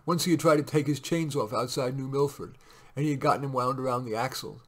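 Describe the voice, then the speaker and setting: A man reading a classic short story aloud in a steady, measured narration. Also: mid-range voice. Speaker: reader.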